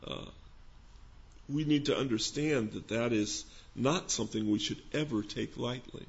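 A man preaching a sermon in a gentle, conversational teaching manner, posing questions to his listeners. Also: medium pitch, unhurried, creaky, dull audio. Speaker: pastor.

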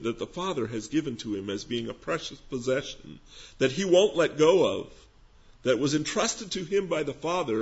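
A man preaching a sermon in a gentle, conversational teaching manner, posing questions to his listeners. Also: medium pitch, gravelly, lo-fi sound. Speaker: pastor.

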